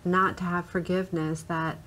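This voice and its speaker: A woman's voice: fairly low pitch, flat delivery, normal speed, a bit bright, low-quality recording. A woman on a Christian talk-show panel, speaking in a reflective, thoughtful way. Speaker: discussion panelist.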